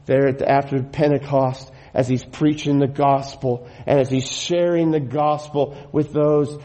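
A man's voice: mid-range voice, steady tone, a little slow, dark tone, poor audio. A middle-aged man preaching a sermon as pastor, earnest and emphatic, often repeating his phrases for weight.

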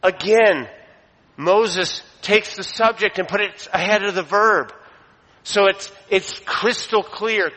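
A man preaching a sermon, his delivery swelling for emphasis and then dropping low. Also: takes it slowly, pushed and bright. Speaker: pastor. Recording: long reverb of a hall.

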